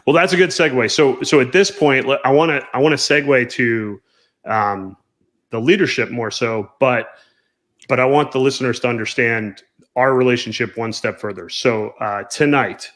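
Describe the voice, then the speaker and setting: A man's voice: mid-range voice, fairly bright tone. Earnest man hosting an interview. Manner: earnest, halting with restarts. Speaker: podcast host interviewer. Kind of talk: casual interview chat.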